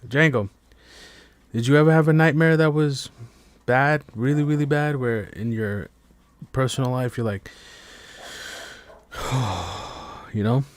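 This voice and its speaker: A man of medium pitch talks slowly and pauses often as he hosts a casual live stream podcast from home while others sleep. His late-night monologue rambles, with stammering restarts and plenty of swearing.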